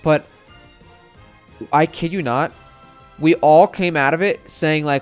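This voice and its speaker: A man's voice: a little high, takes it slowly, pauses often, soft background music. A young man casually telling a long story as a streamer, rambling with lots of filler words and swearing.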